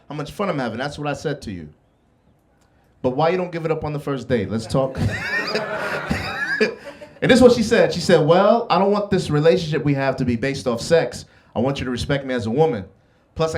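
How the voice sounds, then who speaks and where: On a comedy club stage before a live crowd, a brash stand-up comic from the Bronx, New York, does crowd work, swearing and teasing the audience. His male voice is a little high.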